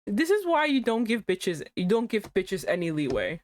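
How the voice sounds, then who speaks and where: Animated young woman streamer, lively pitch. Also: moderate pace, few pauses, no room sound. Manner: animated, swings into high exclaims. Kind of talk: casual gameplay commentary.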